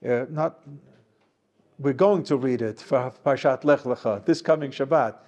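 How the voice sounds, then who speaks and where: A man teaching a Torah class as a rabbi, talking off the cuff with many Hebrew quotes and pauses, slowing down to stress key words. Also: medium pitch, a little mellow. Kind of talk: Torah lecture.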